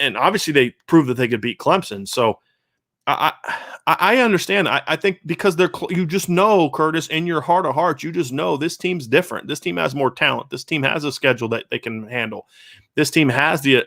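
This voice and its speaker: A man's voice: mid-range voice, a bit bright, dry recording, studio quality. A man hosting a live stream, reading viewer comments aloud and answering them in casual, earnest chat with frequent restarts. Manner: conversational, earnest, many restarts. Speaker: show host.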